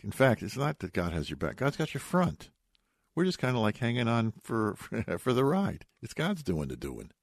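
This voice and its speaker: A man preaching on the weekly Bible portion in a low, husky voice that swings widely in pitch. He tells it like a story, with homespun asides and Hebrew words mixed in. The sound is dry and close, with no room around him. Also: no room sound. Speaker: rabbi giving a weekly Torah talk. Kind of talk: radio sermon on the weekly portion.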